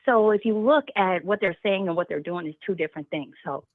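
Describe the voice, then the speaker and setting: A woman's voice: lowish voice, brisk, no echo. A woman calling in to a talk show, speaking passionately and firing off rhetorical questions. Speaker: caller. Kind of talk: call-in talk. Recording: tinny phone line.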